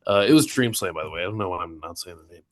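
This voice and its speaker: A man's voice: sits low, racing. Easygoing man telling a story. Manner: relaxed storyteller, filler-heavy. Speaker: podcast guest, wrestling announcer. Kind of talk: casual chat.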